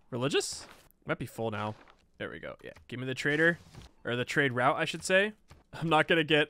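Excitable high-voiced game streamer man. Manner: excitable, exclaiming and laughing at the game. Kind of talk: casual gameplay commentary.

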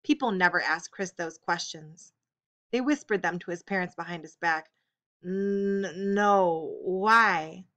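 A woman's voice: lowish voice, normal speed. Woman narrating an audiobook. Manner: steady, expressive storytelling. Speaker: audiobook reader.

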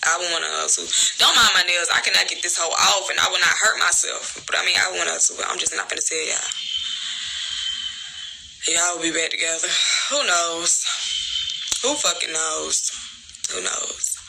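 A young woman from Birmingham, Alabama, speaking to her followers as an influencer in a blunt, profane, emphatic rant. She swings between loud outbursts and low murmurs. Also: fairly even intonation, fairly quick, vocal fry, very noisy. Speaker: social media influencer. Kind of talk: candid vlog rant to followers.

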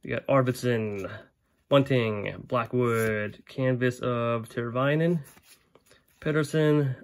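A man hosting a casual box-opening video, sounding stuffy and congested, clearing his throat now and then. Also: medium pitch. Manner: relaxed, unhurried, clears throat often. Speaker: card-collecting channel host.

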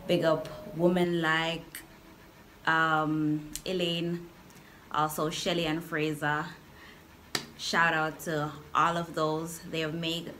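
A woman's voice: lowish voice, fairly bright tone, slight background noise. A young Jamaican woman with a Jamaican accent, chatting casually to a phone camera in a vlog, laughing and playfully emphatic. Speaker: vlogger. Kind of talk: casual talking-head vlog.

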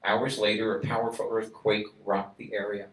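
A man, a rabbi, telling a story in a sermon, acting out the voices of its people and building to loud, emphatic calls. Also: fairly low pitch, level tone, moderate pace. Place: synagogue. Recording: echoey room, voice a bit distant from mic.

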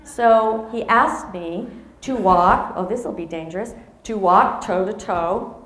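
A woman's voice: mid-range voice, unhurried, a bit bright, echoey room. A woman in her fifties giving a motivational speech to an audience, telling a personal story expressively and acting out the dialogue. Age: 50s. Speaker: motivational speaker.

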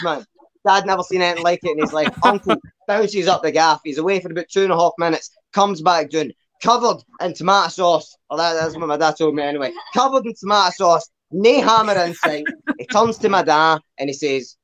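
A man's voice: on the high side, fairly quick, a bit bright. A young Glaswegian man doing a rambling, sweary stand-up set at an online open mic, tagging lines with "man". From Scotland. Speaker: stand-up comedian.

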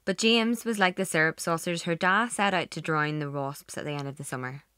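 Woman, measured narration, lowish, dry sound. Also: a bit bright, clean tone, no room sound. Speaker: audiobook narrator. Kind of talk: scripted narration.

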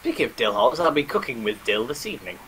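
A man's voice: mid-range voice, sing-song, quick pace, bright, forceful tone, a little hiss or hum, low-quality recording. A man chatting and joking while playing a team shooter with friends, swearing often. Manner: jokey, swears often, giggly. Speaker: gamer. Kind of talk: casual gaming chat.

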